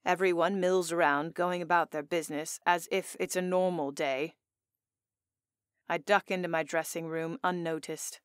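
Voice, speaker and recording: Smooth low-voiced woman audiobook narrator. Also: steady tone, moderate pace, no room sound, studio quality. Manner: intimate, earnest storytelling. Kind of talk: first-person romance audiobook narration. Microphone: close studio mic.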